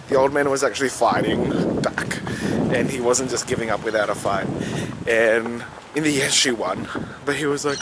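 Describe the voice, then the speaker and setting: Young man, excitable, gushing vlog chat, noisy background. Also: mid-range voice, moderate pace. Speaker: vlogger.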